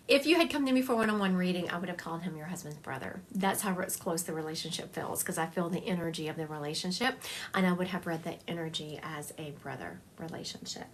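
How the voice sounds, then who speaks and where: A woman's voice: lowish voice, a little hiss or hum. A woman giving a psychic medium reading on a live stream, talking in a chatty, confiding way and thinking aloud as she goes.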